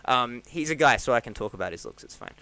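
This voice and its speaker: Animated Australian man telling stories. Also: fast talker, gravelly, dry recording. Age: 30s. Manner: rambling, animated, acts out quotes with jumps in pitch. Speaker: stand-up comedian, podcast guest. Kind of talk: casual storytelling chat.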